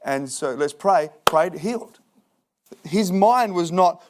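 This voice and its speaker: A man's voice: sits high, slow. A man preaching a sermon in a church, joking and acting out people's excuses. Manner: lively, jokey preaching with acted-out excuses. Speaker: pastor. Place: church hall.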